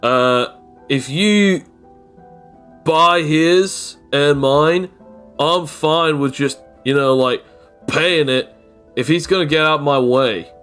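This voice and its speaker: A man's voice: fairly high pitch, slow pace, a bit bright, smooth, soft background music. A man voicing an impatient, brash young male customer who talks pushily in casual slang.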